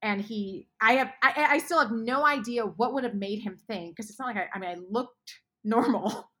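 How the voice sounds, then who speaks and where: A woman guest author speaking earnestly in a faith podcast conversation, often dropping to hushed tones. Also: fairly high pitch, moderate pace, breathy edge.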